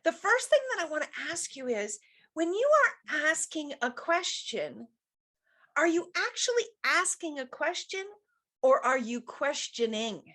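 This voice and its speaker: Middle-aged woman host, motivational coach, slightly high voice, emphatic and repetitive delivery. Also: sing-song, unhurried, pushed and bright. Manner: emphatic, repeats key points, reads chat comments. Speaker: business coach hosting a show. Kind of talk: motivational talk show monologue.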